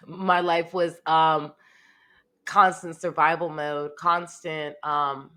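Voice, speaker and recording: A woman guest in an interview speaking candidly, often pausing to search for words and laughing now and then. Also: low-pitched, fairly even intonation, sharp tone.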